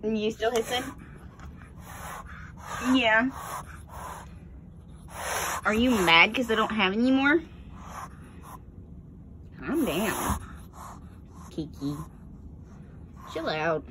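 A woman's voice: on the high side, lively intonation, drawn-out words, long pauses, noisy background. A woman talking to her pet genet in teasing, coaxing baby talk. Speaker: exotic pet owner.

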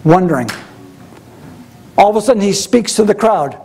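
A man's voice: high voice, expressive, moderate pace, vocal fry, a little mellow, a little hiss or hum. A man preaching a sermon, asking his listeners rhetorical questions and repeating key phrases for emphasis. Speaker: pastor.

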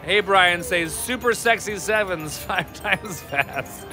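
A man's voice: high-pitched, slow pace. A man hosting a live slot stream, reading viewer comments aloud with playful, laughing banter. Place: casino floor. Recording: casino floor with loud machine music. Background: slot machine music.

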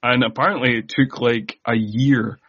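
Stammering male podcast co-host, husky and muffled. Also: mid-range voice, fairly even intonation, moderate pace, fairly bright tone. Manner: chatty, stammering restarts, laughs at own jokes. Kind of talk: casual chat. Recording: dull lo-fi sound.

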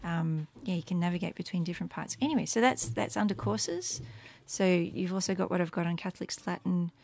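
A woman giving a casual, rambling screen walkthrough of her Latin study resources, with many fillers and soft murmured asides. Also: fairly low pitch, brisk, gravelly, no room sound. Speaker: Latin teacher making resources.

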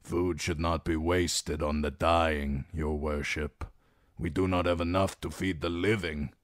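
A man voicing a hard-headed sellsword captain who speaks bluntly and quietly. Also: fairly even intonation, unhurried, dry recording, clean studio sound. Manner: blunt, low-key.

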